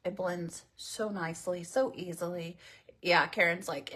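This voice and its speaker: A woman's voice: lowish voice, steady tone, unhurried, fairly bright tone, breathy edge. A woman hosting a casual makeup tutorial livestream, chatting and rambling to her viewers as she works. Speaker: beauty livestream host.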